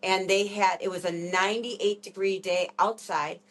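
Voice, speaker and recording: A woman co-hosting a podcast in casual chat, telling lively stories and laughing often. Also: medium pitch, moderate pace. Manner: animated storyteller, laughs often. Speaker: podcast co-host.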